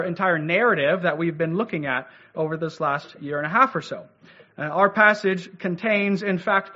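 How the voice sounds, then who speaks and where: High-voiced male pastor preaching, muffled audio. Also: fairly bright tone. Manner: measured, frequent "uh" fillers and rhetorical "right?". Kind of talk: expository sermon. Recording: dull lo-fi audio.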